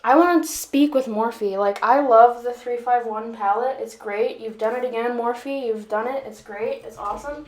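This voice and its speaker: Here a beauty vlogger, a woman, speaks at a moderate pace with hardly any pauses, her slightly high voice carrying a darkish tone. She rambles through a makeup tutorial in an echoey room, mocking herself and dropping jokey asides.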